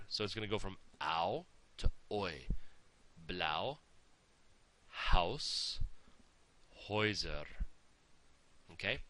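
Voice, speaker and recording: A man whose voice sits on the low side, bright and forceful, teaches pronunciation as a language teacher. He patiently stresses each sound in his demonstrations, pausing to ask "okay?" as he goes.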